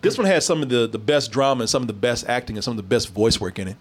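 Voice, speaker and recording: A man hosting a casual chat, animated, swearing freely and laughing often. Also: medium pitch, racing, slight background noise.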